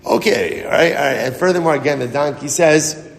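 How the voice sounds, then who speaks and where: A man teaching a daily Talmud lesson as a rabbi, telling the story with lively, casual asides. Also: on the high side, fairly quick. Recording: long hall reverb.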